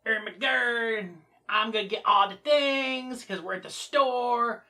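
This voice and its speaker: A man's voice: extremely high pitch, takes it slowly, pushed and bright, exaggerated voice. A man voicing a carefree, boastful young male inmate while retelling a film scene. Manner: eager, boastful, happy-go-lucky.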